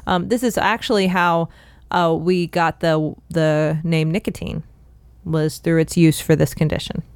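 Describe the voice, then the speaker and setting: A woman's voice: low voice, fairly even intonation, measured pace, darkish tone, clean tone, dry recording. A woman co-hosting a casual history podcast, explaining with frequent fillers and laughing easily. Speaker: co-host.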